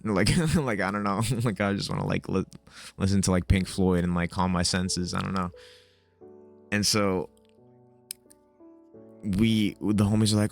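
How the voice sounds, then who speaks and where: A man's voice: deep voice, steady tone, moderate pace, soft background music. A young man telling a casual, comedic personal story in a rambling, profane way, full of fillers and slang. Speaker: storyteller, video host.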